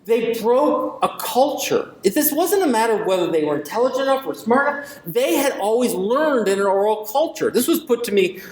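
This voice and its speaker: A man's voice: very high voice, sing-song, fairly quick, hardly any pauses, darkish tone. A man giving an invited university lecture, talking emphatically with rhetorical questions and ironic asides. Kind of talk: public lecture. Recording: echoey lecture hall.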